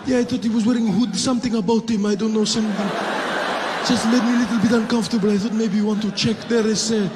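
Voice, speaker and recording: A man voicing a nervous, polite male passenger from the Middle East with a Middle Eastern accent, talking haltingly with many pauses and apologies. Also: high voice, steady tone, pitched above the performer's own voice, natural voice. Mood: hesitant polite. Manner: hesitant, halting, full of "uh" and apologies. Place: comedy stage. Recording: echoey live venue with long reverb and audience noise.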